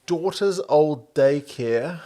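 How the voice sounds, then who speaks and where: A man's voice: a little high, expressive, slow pace, warm tone. A man co-hosting a podcast, telling anecdotes and chatting about rugby in a dry, laid-back way. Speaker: podcast co-host. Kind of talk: casual rugby chat.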